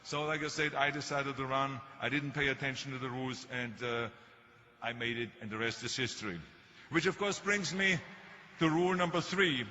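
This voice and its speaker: A man's voice: medium pitch, fairly even intonation, moderate pace, bright, forceful tone. An older man with a German accent giving a motivational speech, telling stories with humor and emphasis in a large hall. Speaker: motivational speaker. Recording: echoey hall with faint noise.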